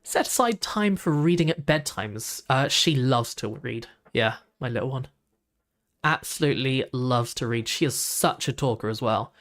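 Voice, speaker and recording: A man's voice: medium pitch, animated, moderate pace, fairly bright tone. A young man, chatting casually while reacting to videos, rambling with lots of "like" and restarts.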